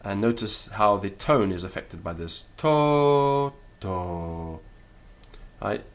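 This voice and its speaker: A man teaching Latin in a lecture, deliberate and careful, sounding out syllables one by one. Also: on the low side, a bit bright. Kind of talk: spoken lecture.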